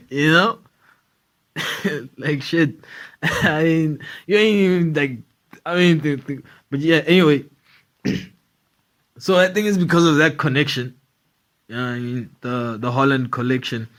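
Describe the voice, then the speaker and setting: Man, podcast host, rambling casual chat, swears a lot, heavy fillers, higher voice. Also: unhurried, long pauses, fairly bright tone.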